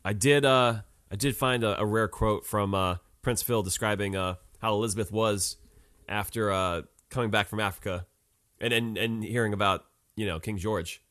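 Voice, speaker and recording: A man's voice: lowish voice, fairly even intonation, moderate pace, fairly bright tone, dry recording, clean studio sound. Laid-back man chatting on a podcast. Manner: laid-back, laughing, slangy. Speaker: podcast co-host. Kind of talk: casual chat.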